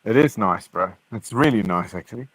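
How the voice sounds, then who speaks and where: A man's voice: fairly low pitch, expressive, fairly quick, a bit bright, slightly rough, no room sound. A laid-back, friendly man chatting casually on a phone call while he walks a friend around his holiday cabin. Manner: laid-back, friendly, says bro and cheers. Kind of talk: casual walk-around chat.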